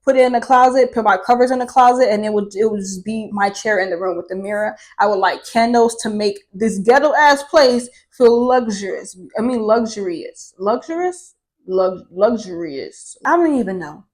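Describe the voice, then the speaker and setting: A young woman vlogger telling her own life story to camera in a candid, profane, animated way. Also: medium pitch, normal speed, few pauses, poor audio. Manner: candid and profane, swears freely; animated, with laughter.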